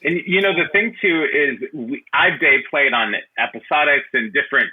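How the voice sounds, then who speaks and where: A man's voice: on the high side, normal speed, slightly rough, phone-quality sound. A man who works as a hair designer, chatting as a podcast guest and acting out the people in his stories. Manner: animated storyteller who acts out quotes. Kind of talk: casual podcast interview.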